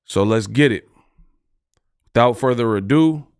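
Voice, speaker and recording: A man's voice: medium pitch, no echo, studio quality. A man hosting a boxing commentary video, talking in a loose, conversational way and drawing out his lines. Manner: loose, conversational, drawn-out delivery.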